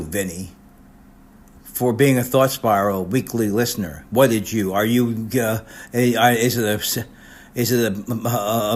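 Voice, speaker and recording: Rambling sarcastic older male comedian. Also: mid-range voice. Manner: self-interrupting, restarts sentences, sarcastic asides. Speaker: comedian recording a personalized video message. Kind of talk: mock roast, rambling comic monologue.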